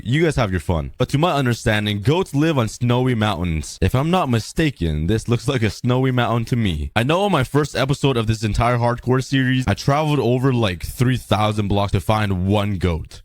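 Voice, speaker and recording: A man narrating his Minecraft gameplay in a playful, jokey way, chatting to the animals, hoarse from being sick. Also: fairly low pitch, dry recording, studio quality. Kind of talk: casual gameplay commentary.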